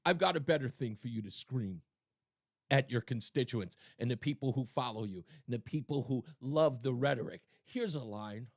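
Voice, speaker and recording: A man's voice: medium pitch, expressive, moderate pace, no echo. A male talk radio host giving sarcastic, mocking political commentary on a studio mic.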